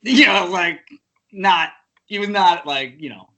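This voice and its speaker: A man, a podcast guest, telling a story in casual chat. He talks with many fillers and jumps up in pitch when he gets indignant. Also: unhurried, bright, forceful tone.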